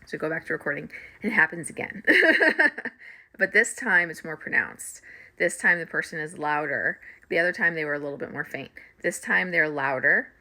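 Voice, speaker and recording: A middle-aged woman, a spiritual reader and coach, casually telling her viewers a story, animated and laughing often. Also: low voice, fairly quick.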